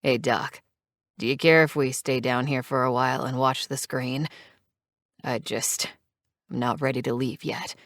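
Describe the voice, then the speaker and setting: A woman voicing a rough male biker who speaks softly and chokes up as an expectant father. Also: fairly even intonation, a little slow, no echo, clean studio sound. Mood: tearful. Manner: soft, choked, low.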